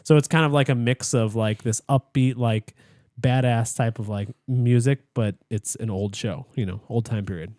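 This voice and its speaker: A man's voice: medium pitch, fairly even intonation, moderate pace, darkish tone, no room sound. A young man co-hosting a podcast in a studio, telling a long story in casual chat, full of fillers and restarts. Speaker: podcast co-host.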